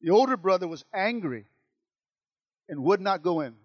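High-voiced preaching pastor, dry and close. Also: male voice, lively intonation, normal speed, no echo. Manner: preaching with call-outs and repetition. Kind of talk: sermon.

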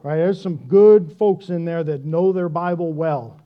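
High-voiced man preaching with lively talk. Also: unhurried, narrow, tinny audio. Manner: conversational, self-deprecating, animated. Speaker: pastor. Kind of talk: sermon.

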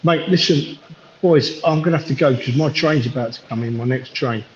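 A man calling in to a fan chat show from a train platform, talking in a warm, rambling, affectionate way. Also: fairly high pitch, fairly quick, slight background noise. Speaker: caller on a fan podcast. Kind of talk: casual chat. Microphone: phone. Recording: echoey, muffled phone call from far off.

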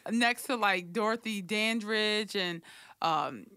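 A woman's voice: medium pitch, slow, bright, forceful tone, clear, resonant tone. A young woman co-hosting a podcast in casual chat, frank and profane, often laughing as she talks. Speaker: podcast co-host.

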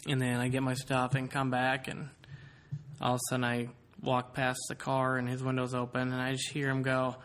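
A man hosting a casual chat podcast, with a voice of middling pitch. He rambles through a story, full of "like" and "you know". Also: monotone, moderate pace, fairly bright tone. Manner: rambling storyteller, lots of fillers. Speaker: podcast host.

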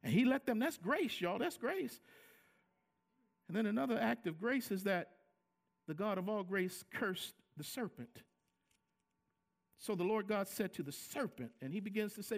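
Animated, gravelly-voiced preaching man. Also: high-pitched, moderate pace, pauses often. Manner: animated preaching, acting out quoted lines, repeats words for emphasis. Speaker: pastor. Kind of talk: sermon.

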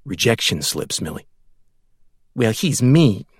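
A man's voice: fairly low pitch, big pitch swings, slow pace, breathy edge, no room sound, studio quality, full character voice. A man voicing a clingy, doting woman who coos and pleads, in an audiobook reading. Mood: pleading. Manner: cooing, pleading, baby talk.

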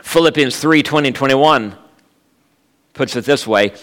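A man in his fifties delivers a sermon in a church, and the hall gives his voice a long reverb tail. He talks at a middle pitch and works the room with jokes, asides and homespun stories. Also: moderate pace, a bit bright. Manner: humorous, storytelling, jokes with the congregation. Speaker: guest preacher. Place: church sanctuary.

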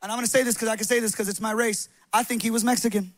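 A young adult male pastor preaching a loud, passionate, animated sermon to a congregation in a church hall. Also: high-pitched, racing.

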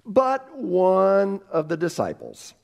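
A middle-aged male pastor preaching a sermon, telling a story with animated delivery and frequent restarts. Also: high voice, slow pace, creaky.

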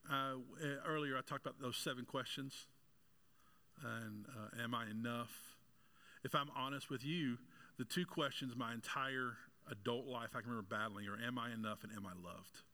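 A male pastor delivering a sermon in a bright, forceful voice. He throws questions out to the congregation and slips in jokes as his delivery climbs in energy. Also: mid-range voice, moderate pace. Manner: preaching with rising intensity, asking the congregation questions; joking aside with congregation members.

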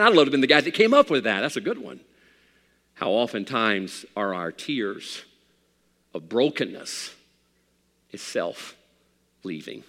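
Preacher, male, bright tense voice, hushed to fervent delivery, church hall reverb. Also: lowish voice. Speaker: pastor. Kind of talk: sermon.

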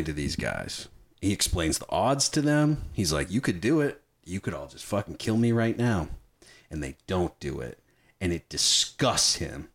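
A man hosting a casual film discussion, talking enthusiastically and swearing freely. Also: sits low. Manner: profane, enthusiastic, animated. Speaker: podcast host.

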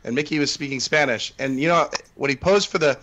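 A man's voice: on the high side, fairly quick, a bit bright, muffled recording. A man co-hosting a casual podcast chat, rambling with lots of fillers and restarts. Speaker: podcast co-host.

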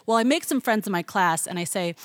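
A young woman telling a funny personal story to an audience, animated and laughing, mimicking excited voices. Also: medium pitch, fairly quick, no room sound.

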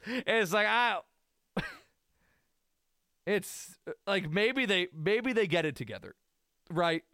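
A man's voice: sits high, expressive, takes it slowly, bright, forceful tone, smooth, no room sound, studio quality. A man co-hosting a sports podcast, ranting in a rambling, self-mocking way. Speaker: podcast co-host. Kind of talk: casual sports talk.

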